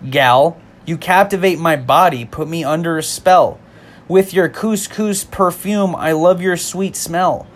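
A man's voice: fairly high pitch, unhurried, pitched above the performer's own voice. Man doing a mock Jamaican lover crooner. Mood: flirty. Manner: sing-song reciting of song lyrics. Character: smooth-talking male Caribbean lover crooner.

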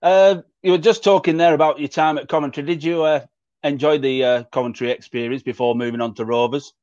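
A man's voice: a little high, fairly even intonation, a little fast, darkish tone, no echo. A man hosting an interview in a casual manner, chatting with his guest. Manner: casual, calls the guest mate. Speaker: podcast host. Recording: dry, dull lo-fi sound.

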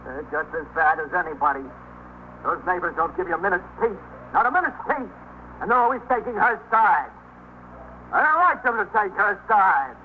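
An actor in a 1950s-style radio drama plays an unstable, paranoid man barricaded with a gun, ranting and threatening. Agitated and repetitive, he swings between threats and self-pity in a high-pitched, sing-song voice at a moderate pace. The broadcast sounds tinny and old, with a faint hiss.

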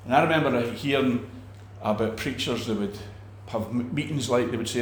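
A man teaching about faith in a relaxed talk, animated, acting out quoted people and restarting his sentences often. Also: medium pitch, moderate pace, few pauses, reverberant, slight background noise. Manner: animated, acts out quoted preachers, many restarts. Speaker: preacher.

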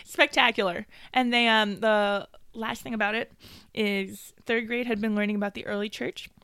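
A woman's voice: on the high side, fairly even intonation, normal speed, very noisy. A young woman co-hosting a podcast, telling a story in casual chat, acting out quotes and laughing often. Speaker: podcast co-host.

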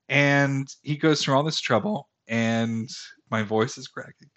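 A man in his thirties hosts a fantasy podcast solo, rambling casually and poking fun at himself, with lots of fillers and restarts. His mid-range voice is a bit bright and a little slow, with few pauses.

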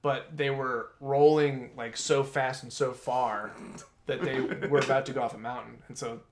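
A man's voice: mid-range voice, steady tone, normal speed, background noise. A man co-hosting a podcast, chatting casually with a dry, teasing manner. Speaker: podcast co-host. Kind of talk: casual chat.

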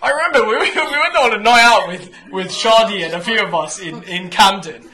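A man's voice: sits high, lively intonation, brisk, bright, forceful tone. A young man speaking frankly and profanely in casual conversation, telling stories animatedly and often restarting his sentences. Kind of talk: candid casual chat.

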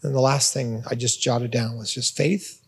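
A man's voice: medium pitch, fairly even intonation, normal speed, gravelly, breathy edge, long reverb tail. A man giving a conversational sermon as a pastor, repeating words and adding informal asides. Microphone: phone or portable device.

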